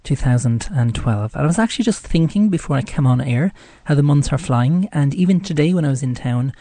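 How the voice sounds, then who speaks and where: A man's voice: fairly high pitch, expressive, brisk, dark tone, dry recording. A man with an Irish accent hosting a live radio show, talking in a chatty, rambling way. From Ireland. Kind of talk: casual live radio talk.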